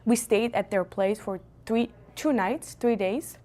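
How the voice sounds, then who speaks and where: A young woman from Belgium streaming from home on a phone, telling a family story in a lively, animated way. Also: mid-range voice, measured pace. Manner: animated, lively storyteller with big jumps for quoted voices. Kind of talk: casual livestream storytelling. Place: indoors at home. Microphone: phone on a gimbal.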